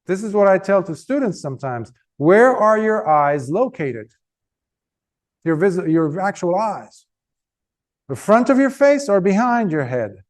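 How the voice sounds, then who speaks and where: A man, a monk teacher, giving a dharma talk and telling a story with animated shifts of pace and emphasis. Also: high voice, measured pace.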